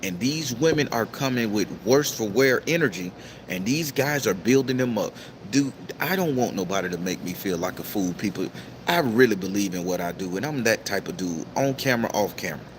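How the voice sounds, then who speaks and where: A man hosting a casual livestream and reading out viewer comments, talking in a profane, preachy, emphatic way with sudden high-pitched outbursts. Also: lively intonation, a little fast, background noise. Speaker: tarot reader and livestream host.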